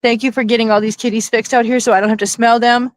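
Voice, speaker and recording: A grateful little cat gushes its thanks, as a woman speaks for it on a livestream. The voice sits a little high and sounds close and dry. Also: level tone, fast, no echo, natural voice. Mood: gushing. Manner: gushing.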